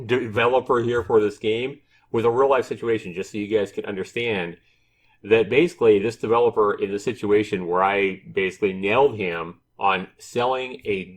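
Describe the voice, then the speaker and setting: Emphatic man ranting to camera. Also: lowish voice. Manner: animated storytelling, emphatic, uses many fillers. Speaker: game reviewer, YouTuber. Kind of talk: ranting commentary.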